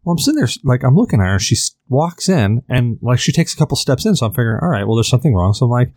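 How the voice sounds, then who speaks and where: A man's voice: mid-range voice, sing-song, fairly quick, a little mellow, dry recording. A man in his thirties spins a long story in casual podcast chat. He is rambling and profane, with lots of fillers, and his voice sits in a middle range. The sound is dry and close. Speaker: podcast host.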